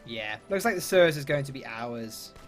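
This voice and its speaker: A man's voice: mid-range voice, lively intonation, normal speed, faint music behind. A man giving chatty, upbeat let's-play commentary with British slang and mild swearing. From London, England. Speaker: gaming YouTuber.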